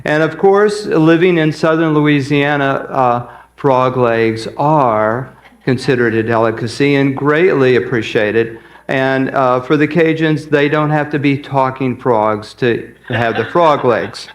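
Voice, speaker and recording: Slow-spoken folksy male preacher. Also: medium pitch. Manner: folksy, hesitant with many pauses. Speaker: guest speaker. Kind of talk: sermon with a joke. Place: church sanctuary.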